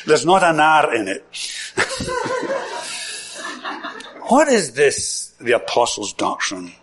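A man's voice: a little high, huge pitch swings, slow, fairly bright tone, slight background noise. A man with a Scottish accent preaching a sermon, enthusiastic, repeating words for emphasis and chuckling often.

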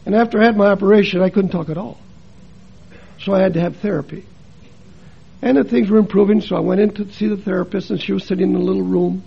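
Husky high-voiced male preacher. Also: steady tone, quick pace, lo-fi sound. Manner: storytelling, switches between quiet and emphatic. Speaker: preacher and missionary. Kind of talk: sermon with personal stories.

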